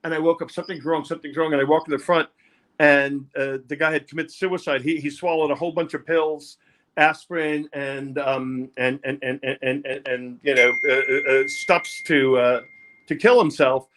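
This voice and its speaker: Older New man, halting storyteller. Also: mid-range voice, steady tone, a bit bright. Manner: rambling, halting, repeats words. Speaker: interview guest, music producer. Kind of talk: candid personal storytelling.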